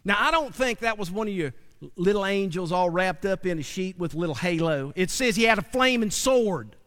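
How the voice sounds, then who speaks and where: Man, preacher, high-pitched voice, folksy conversational sermon, long hall reverb. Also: expressive, moderate pace, a bit bright. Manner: folksy, conversational, asks the audience questions.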